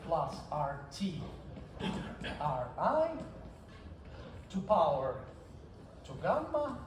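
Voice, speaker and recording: High-voiced man lecturing in an echoey hall. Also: wildly swooping pitch, drawn-out words. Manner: repeats key phrases for emphasis. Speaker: conference speaker. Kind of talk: mathematics lecture. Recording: echoey hall, mic far off, faint hum.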